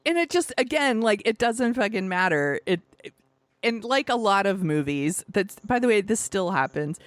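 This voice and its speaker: A woman's voice: mid-range voice, lively intonation, normal speed, dry recording. A woman co-hosting a podcast, chatting casually about a movie, rambling and swearing with lots of fillers and laughs. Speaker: podcast co-host.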